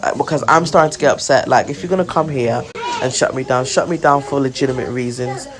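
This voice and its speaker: A young woman, a nursery owner recounting an inspection in an indignant, animated storytelling vlog, full of "like". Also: rumbling low, quick pace, rough recording. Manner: indignant, animated retelling with frequent "like".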